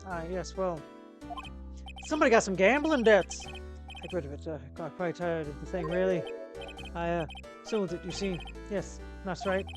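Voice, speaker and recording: A woman plays an older British lawyer, fatherly yet flustered, who dodges questions and stumbles over his words. Game music plays clearly behind him. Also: fairly low pitch, animated, moderate pace, pauses often, natural voice. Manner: hesitant, flustered, deflecting. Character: troubled older male lawyer, fatherly and evasive.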